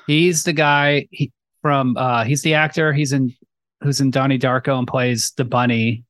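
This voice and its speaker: A man's voice: mid-range voice, fairly even intonation, moderate pace, a bit bright, no echo. A young man co-hosting a casual movie review chat, rambling with lots of fillers and film references. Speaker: podcast co-host.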